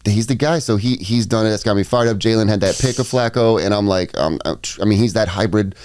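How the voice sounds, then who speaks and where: A man co-hosting a casual sports podcast, full of fillers and restarts but hyped up. His voice sits a little low and sounds dry and close to the mic. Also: fast, a little mellow, smooth, no echo. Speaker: podcast co-host.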